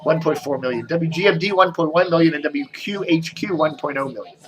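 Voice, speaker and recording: A man's voice: on the high side, brisk, a bit bright. A man hosting a casual video show, rambling and reading out figures, his speech a little slurred from a sore in his mouth. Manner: rambling, chatty, reads out numbers. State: talking oddly from a mouth sore. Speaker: host.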